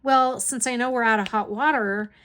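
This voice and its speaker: A middle-aged woman chats from home, laughing easily as she tells a long everyday story. Her voice sits a little high and her manner stays relaxed and conversational. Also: moderate pace, a little hiss or hum. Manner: chatty, laughs often while telling the story. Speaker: hobby vlogger, caregiver to her aunt. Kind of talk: casual storytelling chat.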